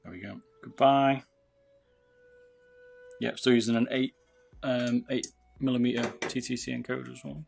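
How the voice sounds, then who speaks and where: A man's voice: mid-range voice, steady tone, brisk, vocal fry, music in the background. A British man chatting casually with viewers on a livestream while soldering, calling people "mate". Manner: chatty, talks to viewers, says "mate" a lot. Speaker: livestreamer modding gaming mice.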